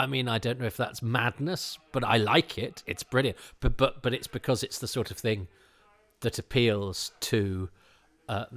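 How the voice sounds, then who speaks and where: A man's voice: mid-range voice, a bit bright. A middle-aged man hosting a podcast, giving an enthusiastic, rambling commentary over an old TV episode, full of fillers and restarts. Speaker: podcast host.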